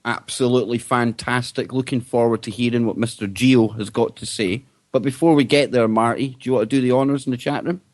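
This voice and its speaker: A man hosting a radio talk show with a cheerful, joking manner. His pitch sits in the middle and the sound is close and dry. He is lively and welcoming as he introduces the panel. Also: brisk, hardly any pauses, dry recording. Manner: upbeat, jokey, welcoming.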